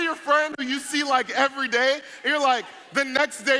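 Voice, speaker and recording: A man's voice: extremely high pitch, steady tone, normal speed. A young man, joking and hyping up a crowd as a youth event speaker. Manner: playful, hype, joking with audience. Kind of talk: energetic stage talk to a crowd. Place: large event hall with audience. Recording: noisy live event recording.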